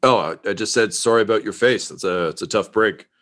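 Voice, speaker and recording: A man voicing a gruff, brash woman war hero with a blunt, swaggering manner. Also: lowish voice, brisk, fairly bright tone, natural voice. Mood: mocking.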